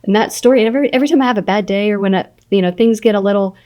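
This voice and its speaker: A middle-aged woman, a nurse practitioner, chatting on a podcast and telling patient stories with lively quoting. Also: medium pitch, rapid-fire. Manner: storytelling, animated quoting of patients. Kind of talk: casual podcast chat.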